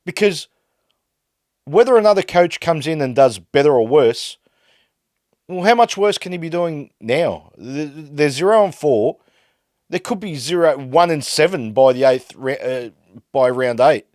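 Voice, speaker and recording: An Australian man hosting a podcast, delivering an exasperated fan rant that swings between loud outbursts and muttered frustration. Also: on the high side, lively intonation, unhurried, no echo, clean studio sound. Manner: fired-up, exasperated ranting that swings loud and quiet. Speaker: podcast host. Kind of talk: ranting fan commentary.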